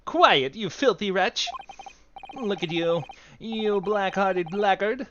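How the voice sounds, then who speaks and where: A man voicing a stern, haughty male prosecutor in a courtroom game, with a dramatic, drawn-out delivery. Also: on the high side, very animated, fairly bright tone, dull audio, a little hiss or hum. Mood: scornful.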